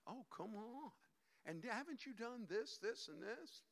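A man voicing a coaxing male devil who tempts a listener in a low, near-whispered voice. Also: expressive, a little slow, exaggerated voice.

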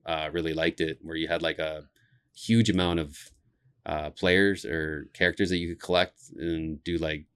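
A man co-hosting a casual gaming podcast. He talks in an easygoing way with many pauses and fillers. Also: a bass voice, little pitch movement, a bit bright, clear, resonant tone. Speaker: podcast co-host.

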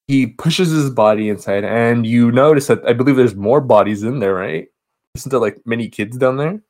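A man's voice: medium pitch, darkish tone, no room sound. A man co-hosting a podcast, casually retelling a movie plot in a rambling way. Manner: rambling retelling with quick acted quotes. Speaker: podcast co-host. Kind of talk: casual movie recap chat.

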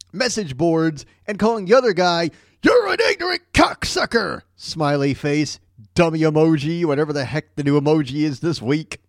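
Brief: male podcast host, lively pitch, wisecracking asides, dry mic. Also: no echo. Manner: joking, riffs in mock voices, stammering restarts. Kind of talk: casual commentary.

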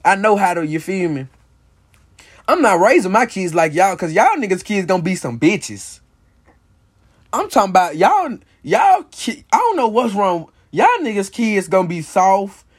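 A man's voice: high voice, sing-song, normal speed, husky. A young man hosting his own podcast, ranting bluntly and profanely, with "bro" and "you feel me" after nearly every point. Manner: heated, insistent. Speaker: podcast host. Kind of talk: casual solo podcast rant.

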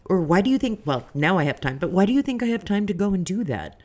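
A woman's voice: medium pitch, big pitch swings, fast, a little mellow. A woman who works as a chef, co-hosting a podcast in casual, rambling chat with lots of restarts. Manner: rambling, self-deprecating, many restarts.

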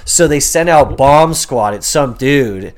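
A young man co-hosting a podcast rattles through a story, swearing and playing each person in it. His voice sits at an everyday male pitch. He keeps the casual chat moving. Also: takes it slowly, crowd noise. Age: 20s. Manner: animated storyteller, swears, acts out both sides. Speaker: podcast co-host.

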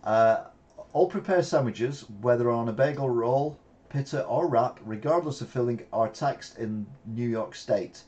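A man's voice: mid-range voice, measured pace, a little mellow, highs cut off. Man riffing on news headlines. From Britain. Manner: reads headlines then riffs with asides. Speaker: host of a live weekly news show. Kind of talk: casual news commentary.

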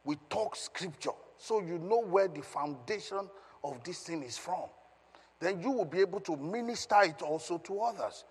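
A man's voice: high voice, expressive, normal speed, husky. A male pastor giving an emphatic Bible teaching, questioning his congregation as he reads scripture. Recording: long reverb of a hall.

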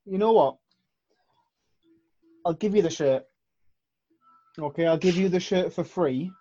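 Man with a dark, mellow voice. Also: a little high, measured pace, dull audio. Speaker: player. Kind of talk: in-character tabletop role-play.

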